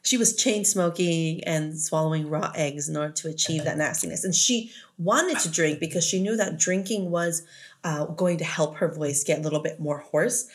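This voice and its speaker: A woman's voice: sits low, moderate pace. A woman co-hosting a casual podcast, recapping a horror film with lots of laughter and swearing. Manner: laughs often, loose and profane. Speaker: podcast co-host.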